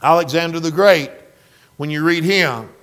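Preacher guy with a pretty high voice, earnest and plain-talking, asks the crowd stuff straight out. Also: moderate pace, fairly bright tone. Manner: earnest, plainspoken, asks the listeners direct questions. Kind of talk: sermon.

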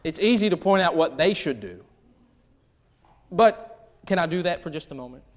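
A man's voice: on the high side, lively intonation, normal speed. A middle-aged man preaching a sermon in a humorous, conversational way, acting out little scenes from married life. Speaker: pastor.

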